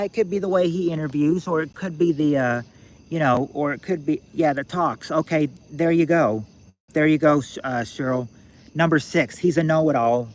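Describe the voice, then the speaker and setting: Man, 60s, streamer host; rambling, restarts, thinks aloud, slightly high voice. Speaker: streamer hosting a game night. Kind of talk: casual live-stream chat.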